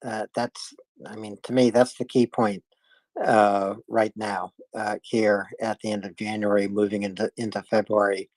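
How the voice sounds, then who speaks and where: A man's voice: lowish voice, level tone, moderate pace, darkish tone, no echo. A man co-hosting a casual online audio chat, speaking hesitantly with many filler sounds.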